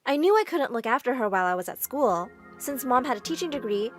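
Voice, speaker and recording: A woman with a high, lively voice narrates a first-person story in an expressive, scripted way. Her pitch swings widely, with soft music faintly beneath. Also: fast.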